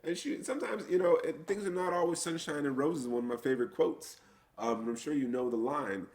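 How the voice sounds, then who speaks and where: With a slightly high voice and a brisk pace, a middle-aged American podcast co-host tells stories in casual conversation. He laughs along and acts out what others said with animation.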